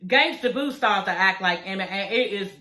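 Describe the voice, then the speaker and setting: Animated, slangy woman with a bright voice. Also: mid-range voice, normal speed, roomy sound, slight background noise, poor audio. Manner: animated, slangy, swears freely, acts out quoted lines. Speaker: reality TV recap vlogger. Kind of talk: casual recap commentary.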